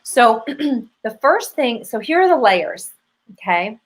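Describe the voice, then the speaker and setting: Energetic woman giving dating advice. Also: on the high side, slow, low-quality recording. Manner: energetic, acts out dialogue in quoted voices. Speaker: dating coach. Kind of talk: advice talk on a show.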